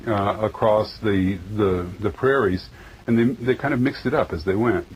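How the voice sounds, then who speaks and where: Low-voiced male anthropologist explaining. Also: moderate pace, muffled recording, slight background noise. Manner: explanatory, laughs easily, some restarts. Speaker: linguistic anthropologist. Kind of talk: news interview answers.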